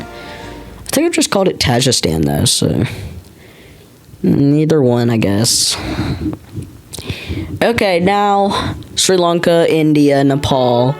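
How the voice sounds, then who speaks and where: American guy naming countries on a map, slow and unsure, mutters names over, faint music behind. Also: fairly high pitch, sing-song, poor audio. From United States. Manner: unsure, thinks aloud, repeats names to himself. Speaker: geography vlogger. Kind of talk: casual commentary while labeling a map.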